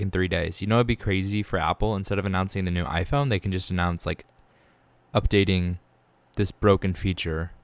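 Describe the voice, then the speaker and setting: A young man giving casual commentary while learning 3D software, exasperated and muttering to himself. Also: sits low, no echo. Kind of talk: casual screen-recorded commentary.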